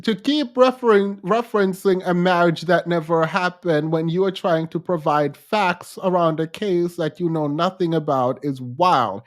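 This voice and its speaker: A woman from Jamaica with a Jamaican accent, hosting a reaction commentary and pointedly picking apart a played clip. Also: lowish voice. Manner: blunt and pointed, quick to laugh. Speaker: commentary host.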